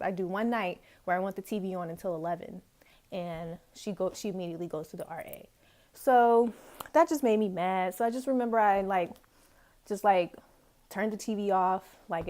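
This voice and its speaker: A woman's voice: fairly low pitch, a little mellow. Chatty young woman telling a story. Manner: chatty, peppered with "like" and "um". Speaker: vlogger. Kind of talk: casual storytime chat. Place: at home with her cat. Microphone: built-in camera mic.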